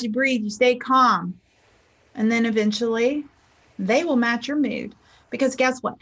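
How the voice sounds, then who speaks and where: A woman's voice: fairly high pitch, fairly bright tone. A middle-aged woman, a spiritual teacher and life coach, giving a chatty motivational talk and acting out the people in her stories. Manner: chatty storyteller, acts out quotes.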